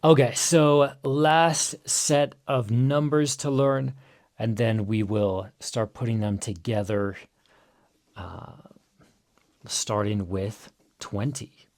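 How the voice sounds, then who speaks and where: A man teaching pronunciation in a relaxed way, drawing words out slowly to demonstrate them. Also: medium pitch. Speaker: language teacher. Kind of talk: pronunciation lesson.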